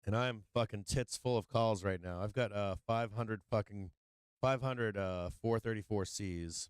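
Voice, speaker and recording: Brash male trading-stream host, low voice, smooth and close with a dry sound, swears constantly. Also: unhurried, no room sound. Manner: profane, brash, excitable trash talk. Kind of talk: live market commentary.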